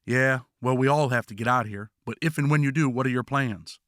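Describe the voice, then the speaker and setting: A man voicing an older male prison cellmate with a slow, folksy Southern US drawl, gruff and blunt, as an audiobook narration. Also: medium pitch, a bit bright, no echo, studio quality, lightly acted.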